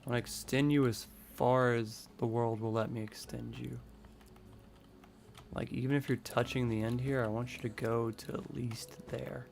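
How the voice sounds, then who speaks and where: A man's voice: mid-range voice, little pitch movement, moderate pace, gravelly, slight background noise. A man live-streaming a building game, thinking aloud in a rambling, casual way.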